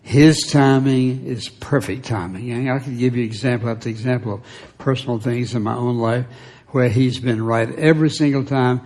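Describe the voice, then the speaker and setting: A man's voice: mid-range voice, steady tone, moderate pace, a little mellow. An older man preaching a sermon in a conversational way, often dropping to a near whisper for emphasis. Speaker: pastor.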